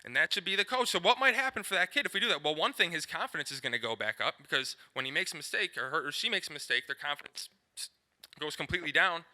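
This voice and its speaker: Former player giving a pep talk to coaches, earnest, very bright voice, bit high. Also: male voice, expressive, quick pace. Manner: earnest, addresses his partner as coach. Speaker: co-presenter, former athlete.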